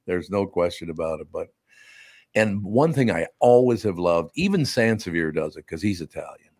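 An older man hosting a radio show, chatting casually about sports and telling animated stories with sudden loud impressions. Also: deep voice, normal speed, dry recording, clean studio sound. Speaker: radio host.

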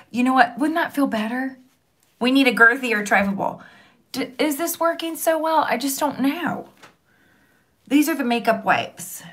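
A woman's voice: on the high side, fairly bright tone, breathy edge. A young woman, chatting casually and laughing often as she tries makeup products. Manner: giggly, rambling, self-mocking. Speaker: beauty vlogger. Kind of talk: casual chat.

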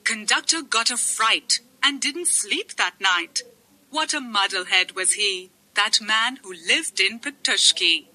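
Bright-voiced woman reading a poem. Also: mid-range voice, animated, slow pace, low-quality recording. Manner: sing-song recitation. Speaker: poem reader.

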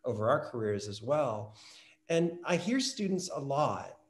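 Man, interview host, rambling, self-correcting, mid-pitched voice. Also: very animated, moderate pace. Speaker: interview host and theatre teacher. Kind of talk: conversational interview.

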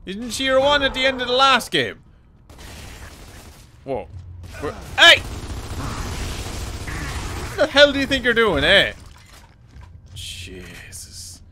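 An Irish man commentating as he plays a shooter game, excitable and swearing freely, often yelling at enemies. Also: very high-pitched, unhurried, long pauses, a little hiss or hum. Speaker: streamer. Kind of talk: gameplay commentary.

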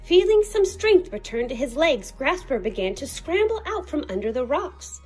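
A woman reading a picture book aloud as storyteller, expressive and unhurried. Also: sits high, faint music behind. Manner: expressive and slow-paced.

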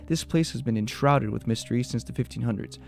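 Soft music backs a man with a creaky, mid-range voice as he hosts a video of urban legends. He speaks quickly, trading between eerie tales and humorous asides.

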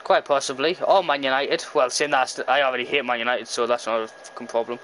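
Sweary Liverpool man at mid pitch. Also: fairly even intonation, fast talker, fairly bright tone, slight background noise, poor audio. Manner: sweary, blunt banter. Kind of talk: casual gaming chat.

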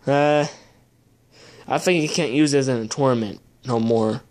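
Slow, muttering young card collector. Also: mid-range voice, a little mellow. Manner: muttering to themself, swearing in frustration. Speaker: video host opening trading card packs. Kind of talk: casual unboxing commentary.

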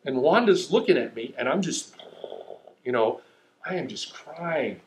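A middle-aged pastor preaches a sermon in an echoey hall, telling stories in an animated, self-mocking way. His medium-pitched voice is unhurried, with a little hiss or hum in the background.

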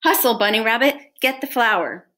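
A woman voicing a gruff, bad-tempered male forest varmint who snarls and barks orders in a storybook read-aloud. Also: mid-range voice, lively intonation, measured pace, a bit bright. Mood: bossy.

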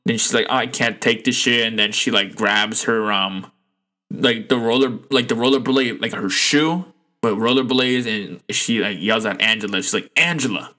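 A man talks through a solo podcast in a loose, rambling way, full of "like" and "you know" and casual swearing. His voice has a bright, forceful edge, and it jumps up when something bothers him. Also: lowish voice, moderate pace. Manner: rambling, loose and profane, full of fillers and restarts; animated, voice jumping up when indignant. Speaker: podcast host.

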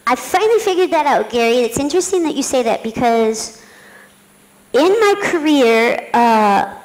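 A middle-aged woman, a jockey, tells a story on stage at a conference. She talks quickly and animatedly, laughing often and filling pauses with casual fillers. Her voice sits somewhat high. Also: lively intonation, a little mellow, rough recording. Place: conference hall.

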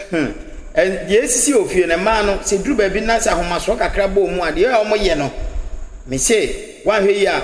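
A Ghanaian man hosting a radio talk show, giving measured, sympathetic comments on a caller's story. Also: high-pitched, roomy sound, long reverb tail. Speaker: radio host.

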